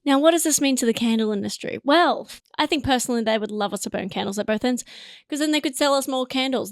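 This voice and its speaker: A woman's voice: fairly high pitch, fast, no room sound, clean studio sound. A woman doing a rambling, self-mocking solo comedy monologue, laughing often. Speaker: comedian and podcast host.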